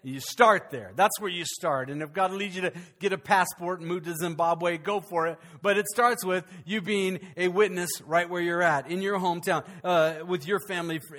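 High-voiced man preaching a sermon. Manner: animated preaching with frequent restarts and fillers. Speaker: pastor.

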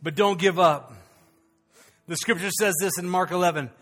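Older man preaching, high bright voice, folksy sermon with soft music behind. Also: normal speed. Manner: folksy storytelling, rising to fervent preaching. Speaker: pastor.

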